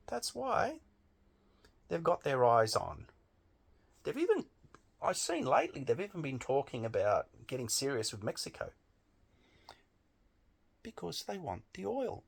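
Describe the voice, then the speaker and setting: A man's voice: on the high side, gravelly, a bit bright, breathy edge. A man delivering a blunt, emphatic opinion monologue with frequent swearing. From Australia. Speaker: political commentator.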